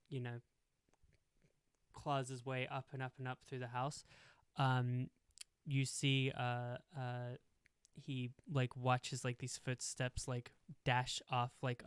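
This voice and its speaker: A man's voice: medium pitch, fairly bright tone, smooth, no room sound, clean studio sound. A young man narrating a tabletop game as game master, rambling with lots of fillers. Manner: rambling, full of "like" and "um".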